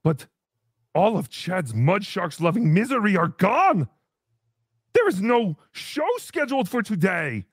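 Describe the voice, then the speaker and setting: A man playing a cheery, childish host character in a comedy livestream, talking in a sweet, drawn-out, sing-song way. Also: sits high, sing-song, slightly rough, no echo, clean studio sound, exaggerated voice. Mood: bewildered.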